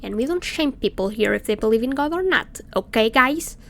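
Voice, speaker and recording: A woman's voice: fairly high pitch, lively intonation, brisk, vocal fry. A woman streamer chatting casually and ranting while she reads game text aloud. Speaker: let's play streamer.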